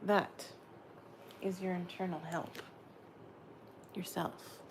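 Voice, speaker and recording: A woman giving a spiritual oracle card reading, gentle and dreamy, often slipping into soft whispers. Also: lowish voice, little pitch movement, slow pace, slight background noise.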